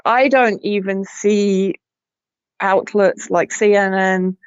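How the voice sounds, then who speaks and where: A woman's voice: mid-range voice, fairly even intonation, slow, smooth, no echo. A British woman journalist, a guest in a remote interview, who talks emphatically and often restarts her phrases. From Britain. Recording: slightly dull lo-fi line, dry.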